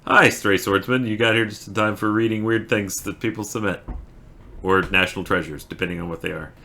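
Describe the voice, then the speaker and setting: A man with a lowish, steady voice hosts a livestream, talking a little fast in a pushed, bright tone. Between casual chat with viewers, he reads a poem aloud with dramatic swells, breaking off now and then to giggle.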